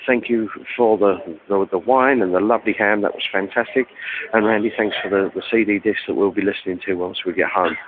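A man's voice: on the low side, noisy background. Man phoning in from an airport. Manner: chatty, thankful, hesitant fillers. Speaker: fan correspondent. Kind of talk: phoned-in message. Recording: tinny phone line from an airport.

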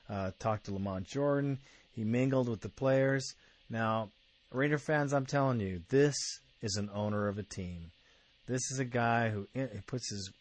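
A man's voice: medium pitch, no echo. Emphatic male fan-podcast host. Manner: emphatic, fan-style enthusiasm. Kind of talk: casual monologue.

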